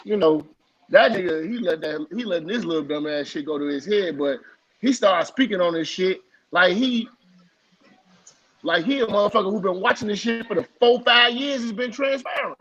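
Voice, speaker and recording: A man's voice: high voice, animated, normal speed, a bit bright, husky, lo-fi sound. A man in casual live-stream chat, talking heatedly and profanely with many fillers.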